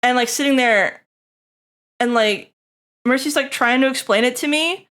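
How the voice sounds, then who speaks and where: A woman's voice: high voice, moderate pace, fairly bright tone. A young adult woman streaming, chatting casually to her viewers in a rambling way, swearing freely and laughing often. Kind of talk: casual live-stream chat.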